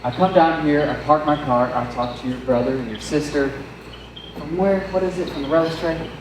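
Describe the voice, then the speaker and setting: A teenage actor brings a fast-talking, sardonic young man full of big words. He sounds distant and roomy on a school stage, with a faint hiss behind. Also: fairly high pitch, natural voice. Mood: insistent. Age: teens. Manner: wordy, sardonic, theatrical. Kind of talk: high school stage play.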